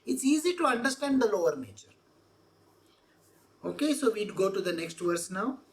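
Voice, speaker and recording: Lively woman teaching scripture. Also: mid-range voice, normal speed. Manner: explanatory, repeats points with rhetorical questions. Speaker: spiritual teacher. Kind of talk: scripture exposition talk.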